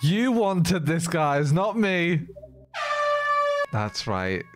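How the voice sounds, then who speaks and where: A male streamer talks to his live chat in a loose, excitable way, cursing freely and breaking into laughter. His pitch leaps high and drops low from moment to moment, and he often stretches his words out slowly. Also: over loud music.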